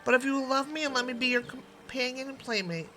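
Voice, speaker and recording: Woman putting on a shrill, pleading frog. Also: quick pace, faint music behind, low-quality recording. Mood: bargaining. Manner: high, loud and insistent. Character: pleading young male frog, persistent.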